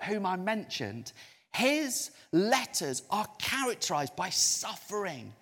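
A man preaching a sermon, expressive, drawing out key words for emphasis and getting his listeners to repeat phrases back. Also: sits high, big-room sound. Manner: expressive, drawn-out emphasis, audience call-and-response.

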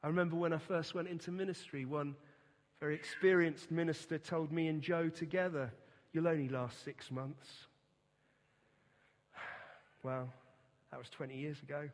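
A middle-aged man preaching a sermon as pastor, earnest and emphatic, with a deliberate delivery and repeated words for stress. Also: a little high, fairly even intonation, a little hiss or hum. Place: church. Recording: reverberant church hall.

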